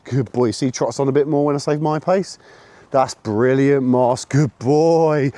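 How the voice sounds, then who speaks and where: A man vlogging a dog walk, chatting casually and snapping out high, sharp commands to his puppy. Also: slow pace, no room sound. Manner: sharp high-pitched commands to a dog between relaxed chat. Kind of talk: casual narration while walking a dog. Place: outdoors on a woodland and road walk.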